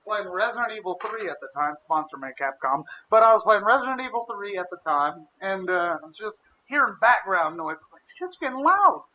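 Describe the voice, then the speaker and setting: A man's voice: high voice, fairly quick, hardly any pauses, muffled recording, a little hiss or hum. A man from Ohio co-hosting a casual podcast, telling crude family stories and acting out the other people in them. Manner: crude, animated storyteller who acts out quotes. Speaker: podcast co-host. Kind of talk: casual storytelling chat.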